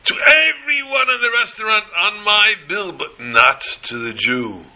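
A man voicing an arrogant rich man who shouts orders and insults in a raised voice. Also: animated, measured pace, full character voice, low-quality recording. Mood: commanding. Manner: shouting, high-pitched, ranting.

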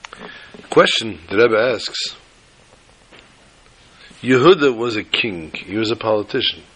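A man teaching a Torah lesson as a rabbi, telling stories and acting out quotes in an animated way. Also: on the low side, slow, breathy edge. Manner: animated, acts out quotes, rising to loud exclamations.

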